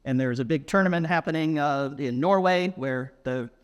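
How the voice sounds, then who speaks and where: A man giving a conference keynote, playfully quizzing the audience and speaking slowly and deliberately. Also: fairly high pitch, muffled recording. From England. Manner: playful, quizzes the audience, slow deliberate phrasing for non-native listeners. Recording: long hall reverb.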